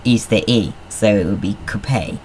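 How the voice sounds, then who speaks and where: A man's voice: on the low side, normal speed, slight background noise. Chatty man narrating gameplay. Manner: rambling, chatty, self-deprecating asides. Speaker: gamer. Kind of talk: casual gameplay commentary.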